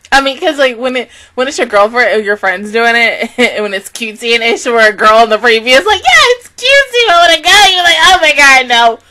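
Giggly high-voiced woman. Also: animated, brisk, bright, forceful tone, slight background noise. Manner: giggly, laughs often, casual slang. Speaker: anime reaction host. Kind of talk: casual reaction commentary.

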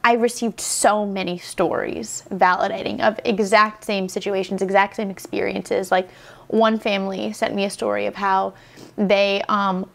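A woman hosting an interview, telling a story in an emotional, animated way. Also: medium pitch, moderate pace, gravelly. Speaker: podcast host. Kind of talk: conversational interview.

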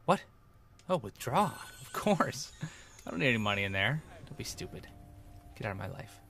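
Lively grumbling male gamer. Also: mid-range voice, normal speed, creaky, soft background music. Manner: grumbling, sarcastic, talks to the audience. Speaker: let's play gamer. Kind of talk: gameplay commentary.

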